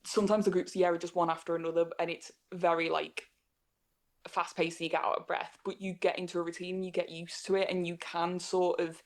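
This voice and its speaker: A woman's voice: fairly low pitch, fairly quick. A young woman, chatting as an interview guest and telling funny work stories with a lot of laughter. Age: young adult. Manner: animated, laughs often while telling stories. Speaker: interview guest, scare actor. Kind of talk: casual chat, storytelling.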